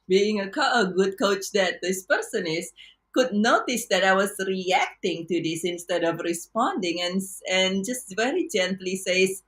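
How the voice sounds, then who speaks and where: Woman coach talking to camera, kinda low voice, earnest, stops and restarts a lot. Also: expressive, a bit bright. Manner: earnest, reflective, halting with many restarts. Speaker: life and business coach. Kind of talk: personal storytelling to camera.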